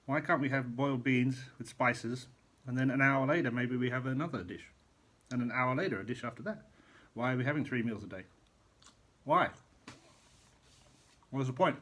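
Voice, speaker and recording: Husky chef rambling while he eats. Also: medium pitch, normal speed, long pauses, a bit bright. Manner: chatty, rambling, eating while talking. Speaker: chef vlogger. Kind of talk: casual rambling vlog while eating. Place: hotel room in quarantine.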